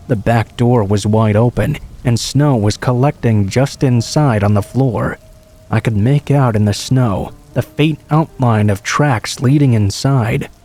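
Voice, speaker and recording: Man, mellow dark tone, calm even delivery, horror story narration. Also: medium pitch. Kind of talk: scripted narration of true horror stories.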